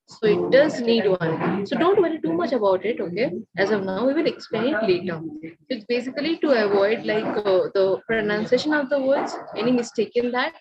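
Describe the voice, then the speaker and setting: A woman teaching a language lesson, her voice a little high. She keeps checking on the students and pressing them to raise their hands, and the noise of a crowd is plain behind her. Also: lo-fi sound. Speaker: Spanish teacher. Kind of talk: online class lecture. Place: classroom or online class session.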